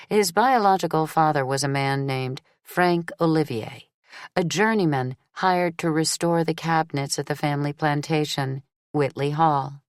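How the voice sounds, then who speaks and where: A woman narrating a romance novel audiobook in a measured, steady storytelling delivery. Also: low voice, no echo, studio quality.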